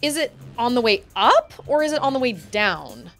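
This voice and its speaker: Lively, chatty woman streamer. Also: a little high, normal speed, faint music behind. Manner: rambling and chatty, laughs often. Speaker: livestreamer playing a video game. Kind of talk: casual chat while gaming.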